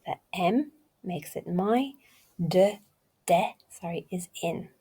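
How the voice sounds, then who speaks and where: Slow, husky woman teaching vocabulary. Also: lowish voice, animated, warm tone. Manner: chatty, self-deprecating, thinks aloud. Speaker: language learner teaching Turkish. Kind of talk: casual video lesson.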